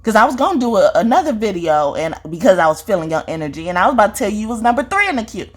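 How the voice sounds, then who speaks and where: A husky-voiced woman delivers a spiritual reading in a confrontational vlog monologue, talking directly to the viewer at rapid-fire speed with a sing-song, medium-pitched delivery. She is profane and scolding, repeating her points and ending them with "okay?".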